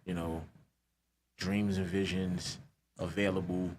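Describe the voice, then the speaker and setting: A man appearing as a guest rapper on a podcast, speaking quietly and low-key as he lists his thanks. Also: level tone, slow pace, a little hiss or hum. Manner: quiet, low-key, listing shout-outs. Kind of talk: casual interview chat.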